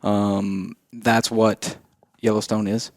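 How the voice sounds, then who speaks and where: A man's voice: on the low side, level tone, slow pace, a little mellow, no echo, studio quality. A man co-hosting a podcast, explaining things at length in casual, laid-back chat. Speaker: podcast co-host.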